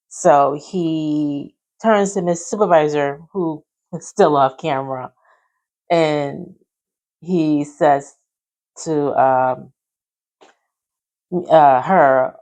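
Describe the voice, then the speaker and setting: A woman telling a personal work story in a casual, animated way, acting out what others said. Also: sits low, takes it slowly, long pauses. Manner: animated, acts out quotes of others. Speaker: podcast host telling her story.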